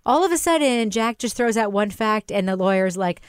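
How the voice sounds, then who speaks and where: A woman co-hosting a podcast in casual chat, animated and sarcastic, swearing freely. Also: medium pitch, normal speed, smooth, no room sound, clean studio sound. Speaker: podcast co-host.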